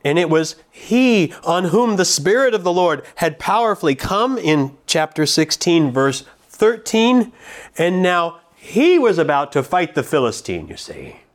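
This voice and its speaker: A man preaching a sermon, reading scripture slowly and with emphasis, then explaining it to the congregation. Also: high-pitched, sing-song.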